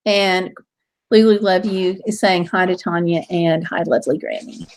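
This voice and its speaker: A woman with a lowish, steady voice and a measured pace hosts a casual live stream. She's bubbly and chatty, reading out viewer comments between exclamations and laughter.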